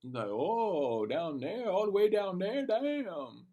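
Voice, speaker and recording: A young man telling a rambling, animated story about his night, full of slang and cursing. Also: sits high, takes it slowly, muffled recording. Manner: rambling and animated, talking to himself with lots of slang and profanity. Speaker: vlogger. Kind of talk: late-night personal rant.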